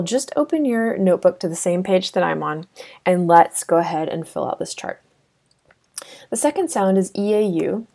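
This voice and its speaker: A woman's voice: fairly low pitch, a little slow, vocal fry, pauses often, dark tone. A woman teaching a French lesson over a screen recording, chatty with many fillers and restarts.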